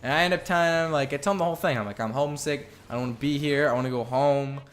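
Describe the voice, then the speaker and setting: A man's voice: medium pitch, very fast, a little hiss or hum. Young guy rambling through a storytime vlog, swears a lot, medium voice, super candid. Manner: rambling, profane, candid, with many fillers. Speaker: vlogger.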